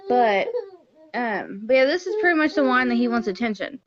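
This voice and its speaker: A woman's voice: a little high, expressive, brisk, highs cut off, crowd noise. A woman, a mother hosting a casual livestream from her home at night, chatting while she gets distracted and talks to her toddler. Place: home living room at night.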